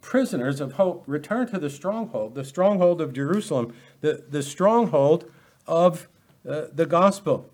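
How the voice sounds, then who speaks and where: A man preaching an expository Bible sermon, animated and full of rhetorical questions. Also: on the high side, unhurried. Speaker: pastor.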